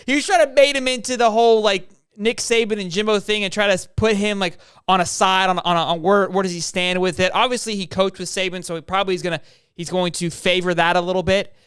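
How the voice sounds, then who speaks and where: A man co-hosting a casual sports podcast, excitable, laughing often and drifting off on tangents. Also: high-pitched, fast, clean tone, no room sound, studio quality.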